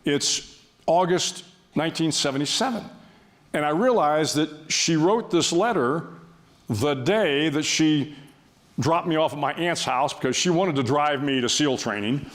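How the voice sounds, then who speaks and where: A man's voice: a little high, expressive, a little slow. An older man speaking as a guest before an audience, telling a story in a wry, self-deprecating way with frequent restarts.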